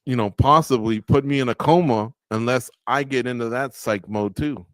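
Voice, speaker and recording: A man's voice: medium pitch, normal speed, dry recording. A man co-hosting a sports radio show, chatting casually and telling stories, acting out quotes and laughing at his own jokes. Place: studio.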